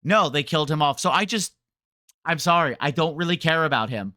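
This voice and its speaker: A man's voice: on the high side, expressive, brisk, pushed and bright, no room sound, clean studio sound. A man streaming a game, ranting to his chat in a rambling, sarcastic way. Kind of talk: casual game rant to chat.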